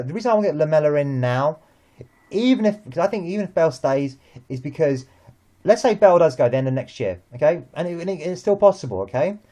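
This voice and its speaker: A British man co-hosting a casual football chat, animated and often repeating words as he gets going. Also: a little high. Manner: animated, repeats himself when excited. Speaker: co-host.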